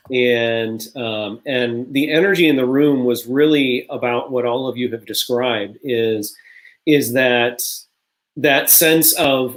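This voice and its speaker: Reflective man leading a reunion chat. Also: medium pitch. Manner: reflective, rambling with restarts. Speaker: director hosting a reunion. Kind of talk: casual group reminiscing.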